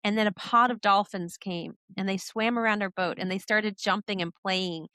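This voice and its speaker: A middle-aged woman, a podcast guest, telling her story in a lively, animated way. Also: mid-range voice, moderate pace, no room sound. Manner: animated storyteller who acts out voices in quotes. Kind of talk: storytelling in a casual interview.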